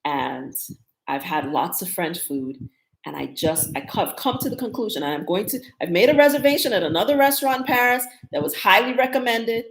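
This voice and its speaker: A woman in her fifties chatting casually in a live stream about her travels, telling stories in a wry, animated way. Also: medium pitch, fairly quick, echoey room, rough recording. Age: 50s. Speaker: travel vlogger.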